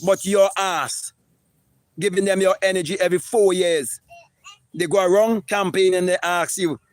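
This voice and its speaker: A man's voice: sits high, fairly even intonation, normal speed, dry recording. A man, streaming a live spiritual talk in an emphatic, preachy and profane way, often repeating words. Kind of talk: impassioned live-stream monologue.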